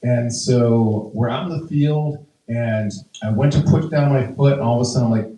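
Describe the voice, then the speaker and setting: This man in his fifties does stand-up storytelling, wandering chattily through his material with lots of fillers and restarts. His medium-pitched, warm voice moves at a normal speed with hardly any pauses. The audio is dull, echoey, and captured from a distance.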